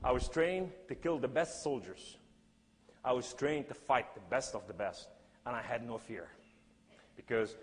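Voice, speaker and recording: A man's voice: mid-range voice, long reverb tail. A man giving a sermon-style testimony, telling his story dramatically and acting out the scenes.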